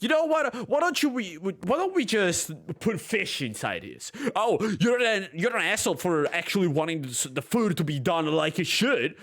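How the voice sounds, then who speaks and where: A man's voice: fairly high pitch, big pitch swings, normal speed, few pauses, a bit bright. A young man streaming from his room at home, reading forum posts aloud and breaking into heated, profane rants.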